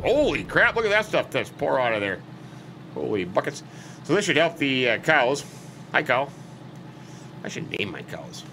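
A man's voice: mid-range voice, noisy background. A man hosting a farming game let's play, chatting in a rambling, folksy, joking way as he plays a farmer character. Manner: rambling, folksy, jokey, self-interrupting.

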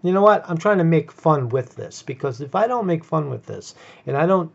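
A man's voice: fairly high pitch, expressive, fairly quick, vocal fry, slightly rough. A man ranting in commentary about videos he plays. He stammers, repeats words and keeps asking "right?". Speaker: vlogger. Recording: dull lo-fi sound.

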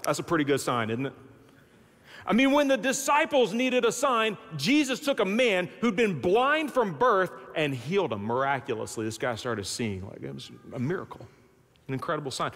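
A male pastor preaching a sermon, telling stories with dramatic swings from loud to hushed and folksy asides, in a church sanctuary. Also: on the high side. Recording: echoey church hall.

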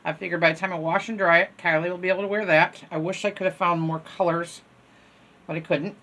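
A woman's voice: fairly low pitch, fairly even intonation, quick pace, a bit bright. An older woman in casual, rambling chat, showing items from a store haul at home and joking at her own expense. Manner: chatty, rambling, self-deprecating. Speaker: haul vlogger. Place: home room.

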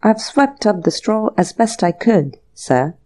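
A woman's voice: mid-range voice, animated, measured pace, dark tone, close to an everyday voice. A woman voicing a polite, apologetic male manservant in an audiobook reading. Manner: respectful, ends phrases with "sir".

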